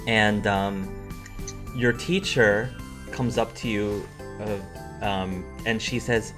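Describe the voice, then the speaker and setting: A man's voice: fairly low pitch, slow pace. A man narrating as game master of a tabletop game, rambling and restarting his sentences, with faint music behind. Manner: rambling, full of fillers and restarts.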